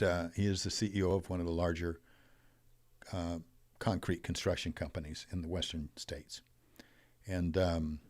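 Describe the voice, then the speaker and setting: An older man, a guest on a podcast, telling an animated story about business and mindset, his voice swelling and dropping as he makes his point. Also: low voice. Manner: animated storyteller, rising and falling in loudness. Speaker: podcast guest, wealth coach.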